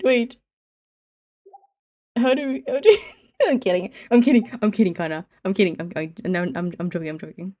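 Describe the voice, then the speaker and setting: A woman's voice: mid-range voice, very animated, moderate pace, pauses often, warm tone. A woman streamer chatting casually with her viewers in a teasing, giggly way, often saying she's only kidding.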